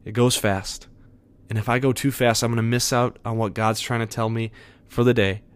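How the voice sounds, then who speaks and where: A man hosting a podcast episode, giving an earnest, conversational devotional talk with soft chuckles. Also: medium pitch, little pitch movement, moderate pace, clear, resonant tone.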